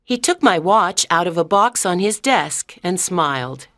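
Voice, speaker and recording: Slow, careful woman storyteller. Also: on the low side, animated, fairly bright tone, no echo, studio quality. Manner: clear, careful, unhurried reading. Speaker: audiobook narrator. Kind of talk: slow scripted story narration for learners.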